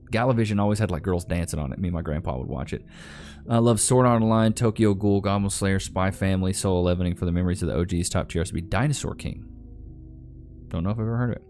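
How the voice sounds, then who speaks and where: A man's voice: fairly low pitch, darkish tone. A young man with a Texan Southern accent from Northeast Texas, casually chatting on a live stream and reading viewer comments aloud in a laid-back drawl. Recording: faint music in background.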